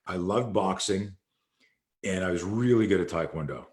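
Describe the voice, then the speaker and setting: A man's voice: deep voice, moderate pace, darkish tone. A man, a martial arts instructor, telling a long story in an interview and acting out quoted dialogue. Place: live video call.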